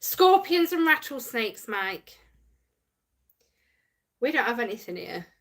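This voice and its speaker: A woman's voice: fairly high pitch, very animated, slow, fairly bright tone. A woman hosting a casual livestream, chatting and giggling as she reads viewer comments aloud. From United Kingdom. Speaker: livestream host reading chat.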